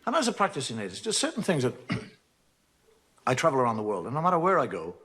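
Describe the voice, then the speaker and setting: A male stand-up comedian telling jokes in a calm, unhurried storytelling manner, in a noisy archival TV recording. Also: mid-range voice. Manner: calm, unhurried joke delivery.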